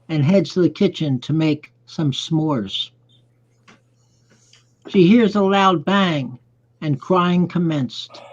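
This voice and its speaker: A man hosting a casual online group chat who reads a short poem of his own aloud. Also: a little high. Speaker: live chat host. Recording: dull lo-fi call audio.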